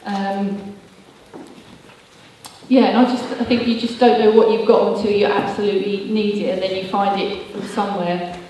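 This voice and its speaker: A woman's voice: medium pitch, flat delivery, normal speed, dark tone, slight background noise. A woman giving a chatty, earnest motivational talk with slides, full of fillers and restarts. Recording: echoey hall, voice heard from far off.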